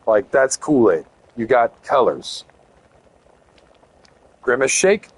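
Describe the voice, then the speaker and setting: A man's voice: medium pitch, big pitch swings, slow, slightly rough, no room sound. Rambling, jokey young male game streamer. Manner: rambling, jokey, talks to chat. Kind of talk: casual live-stream chat while playing.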